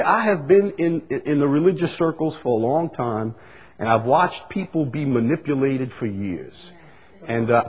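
A man's voice: fairly high pitch, slightly rough, lo-fi sound. A male pastor, preaching a sermon with repeated, emphatic lines that rise in bursts. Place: church sanctuary. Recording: long hall reverb.

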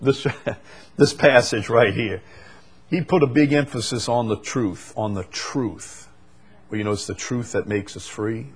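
A man's voice: medium pitch, a little slow, husky. A man preaching a sermon, quoting scripture with emphatic rises and stammering repeats.

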